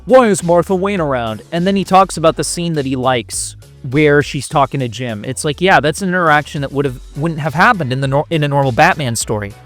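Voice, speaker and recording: A man's voice: fairly high pitch, fairly quick, hardly any pauses, a bit bright, faint music behind. Mocking, foul-mouthed man ranting. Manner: profane, mocking, laughing between insults. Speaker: commentary youtuber. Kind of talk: reaction commentary rant.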